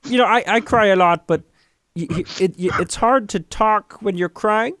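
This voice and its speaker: Man doing a high, intense, weepy male psychologist, mild swearing. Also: normal speed, a bit bright, no room sound, studio quality. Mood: coaching. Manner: earnest lecturing, swears mildly. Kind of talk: comedic impression.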